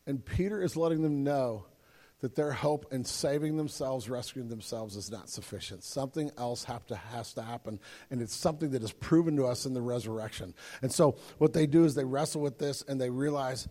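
A man's voice: medium pitch, brisk, warm tone, long reverb tail. A man preaching a sermon from a stage microphone in a church, earnest and emphatic, often repeating words as he builds. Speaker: pastor. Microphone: handheld or stage microphone.

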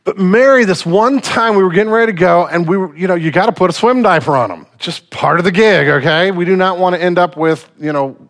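A man's voice: high-pitched, brisk, few pauses, a bit bright. Casual, slang-sprinkled preacher man. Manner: casual and conversational, slangy asides. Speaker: pastor. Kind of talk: sermon.

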